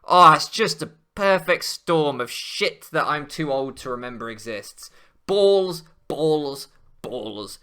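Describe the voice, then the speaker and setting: A man ranting over a Pokémon match, switching between quiet muttering and loud swearing outbursts. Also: fairly high pitch, animated, slow, clean tone. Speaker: Pokémon draft league player. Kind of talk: gaming commentary rant.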